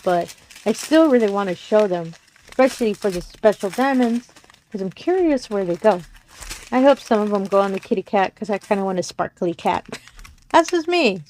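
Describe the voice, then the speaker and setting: Brief: woman, fairly high voice, giggly crafting host, faint background noise. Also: a little mellow. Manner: giggly, gushing, apologizes often. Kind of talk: casual unboxing narration. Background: crinkling plastic packaging.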